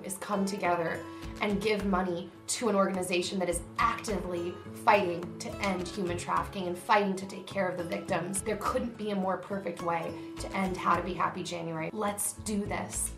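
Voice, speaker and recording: Woman vlogger, heartfelt, earnest, mid-pitched voice, echoey room, faint music underneath. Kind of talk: direct-to-camera vlog appeal. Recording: roomy echo, faint music behind.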